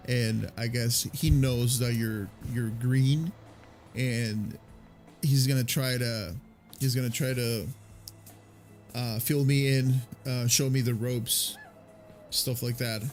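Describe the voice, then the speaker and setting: Let's-play narrator: man, unhurried and rambling, casual, soft music underneath. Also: medium pitch, steady tone. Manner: rambling, many fillers and restarts. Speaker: gamer commentating a playthrough. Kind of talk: casual gameplay commentary.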